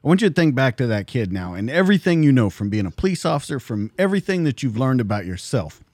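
A man's voice: mid-range voice, big pitch swings, quick pace, a little mellow, dry recording. A man hosting an interview, asking a reflective question and repeating words as he builds it. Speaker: podcast host.

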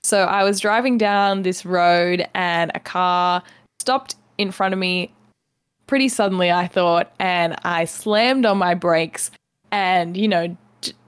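A woman's voice: on the low side, slow pace, smooth, no room sound. Chatty young woman co-hosting a podcast. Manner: chatty storyteller, laughs often, acts out her own reactions. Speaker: podcast co-host. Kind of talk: casual chat.

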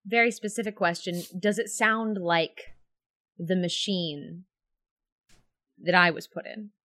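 A woman's voice: lowish voice, steady tone, slow pace, pushed and bright, no echo. A woman playing a tabletop role-playing game, speaking thoughtfully and asking questions. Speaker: player.

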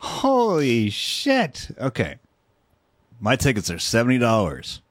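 Sex: man. Role: co-host. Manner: joking, swearing, laughing. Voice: lively pitch, dry sound. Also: slow, dry recording. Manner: animated, swearing, laughing, jokey. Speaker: podcast co-host. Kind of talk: casual reaction chat.

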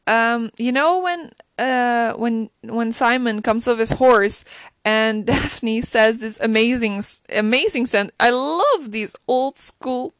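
A woman's voice: fairly high pitch, slow pace, smooth, no echo. A woman chatting casually and gushingly about a TV episode, full of restarts. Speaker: show reviewer.

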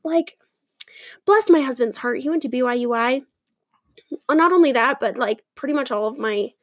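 High-voiced woman, sarcastic rambling host. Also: vocal fry, no room sound, clean studio sound. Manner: sarcastic, rambling, full of fillers. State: voice giving out. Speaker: podcast host. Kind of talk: casual comedic monologue.

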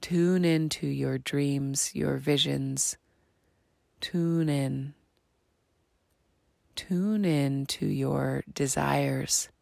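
Low, slow, gravelly-voiced woman. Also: steady tone, a little mellow, dry recording. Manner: earnest, slow and spiritual, with dropped whispery phrases. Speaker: podcast host. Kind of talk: reflective solo podcast monologue.

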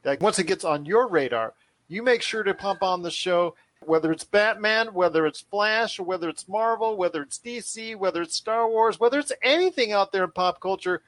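A man hosting a pop culture podcast in energetic, rambling casual chat. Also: high voice, normal speed, no room sound. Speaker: podcast host.

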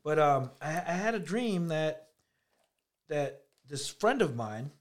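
A man with a slightly high voice, co-hosting a casual podcast. He tells his story in an animated, profane way, full of "like" and quoted yelling. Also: slow pace. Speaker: podcast co-host.

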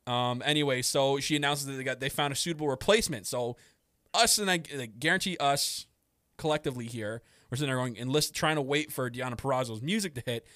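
A man hosting a casual podcast, talking in a rambling, excited way and often laughing. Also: medium pitch, quick pace, no room sound, studio quality. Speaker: podcast host. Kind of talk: casual wrestling podcast chat.

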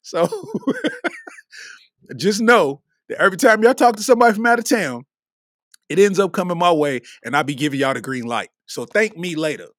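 A man's voice: high voice, big pitch swings, normal speed, a bit bright, no echo, clean studio sound. A man from Kentucky, hosting a podcast solo and delivering a comedic rant with lots of laughter and preachy emphasis. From Lexington, Kentucky. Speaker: podcast host.

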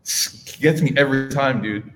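A man's voice: medium pitch, moderate pace. A man in his thirties giving a casual, slangy religious lecture, telling stories with quoted dialogue to a room of listeners. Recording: long hall reverb.

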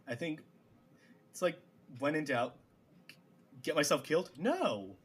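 A man's voice: fairly high pitch, a little slow, breathy edge. A man co-hosting a casual chat, retelling scenes and acting out the characters' lines. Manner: animated, acts out characters' lines. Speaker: podcast co-host.

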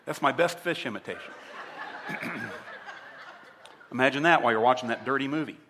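A man's voice: medium pitch, normal speed, big-room sound, background noise. A man preaching a sermon as a pastor, emphatic and asking his listeners direct questions. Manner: emphatic, asks the audience rhetorical questions.

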